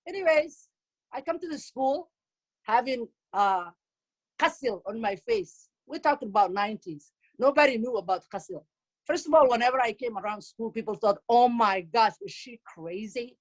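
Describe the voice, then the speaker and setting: A middle-aged woman with a Somali accent, whose first language is Somali, tells comic stories about her family. Her voice sits fairly high, and she talks in a lively, teasing way with frequent exclamations. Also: husky. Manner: animated, teasing, exclaims often. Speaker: comedic speaker at a community event. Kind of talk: comic storytelling.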